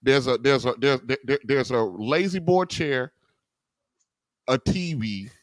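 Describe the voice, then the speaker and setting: A man, a guest in casual conversation, telling a long rambling story in an animated way. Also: mid-range voice, measured pace, no echo, studio quality.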